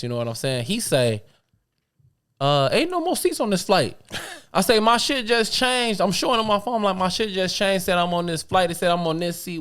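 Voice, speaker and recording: Animated young Chicago man telling a story. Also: on the high side, clean tone. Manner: animated, laughing, acts out voices. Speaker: podcast co-host. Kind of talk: casual storytelling.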